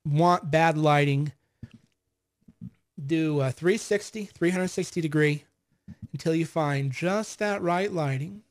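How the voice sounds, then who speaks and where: A man in his forties chatting casually on a livestream, reading viewer comments and telling rambling, boastful stories with acted-out quotes. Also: high-pitched. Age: 40s. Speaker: vlogger answering viewer comments.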